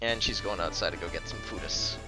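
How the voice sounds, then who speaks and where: A man's voice: sits low, brisk, pushed and bright, faint music behind. A man giving chatty live commentary as he streams a video game from home, thinking aloud and laughing easily.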